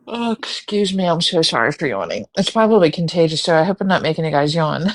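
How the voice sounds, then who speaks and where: A woman's voice: deep voice, animated, brisk. A woman hosting a live stream in casual chat, yawning and rambling, candid and free with swearing. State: sleepy, yawning. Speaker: livestream host.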